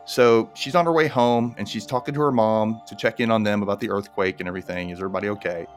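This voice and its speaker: Over soft background music, a fast-talking man with a fairly low voice recaps a TV episode alongside his co-host. It's a casual chat, and he gets animated, frequently voicing the characters loudly.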